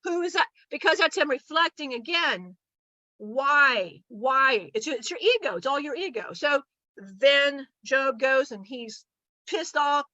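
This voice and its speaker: A woman giving a channeled spiritual teaching, animated and blunt, with casual profanity and acted-out voices of others. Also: high-pitched, slow pace, dry recording, muffled recording.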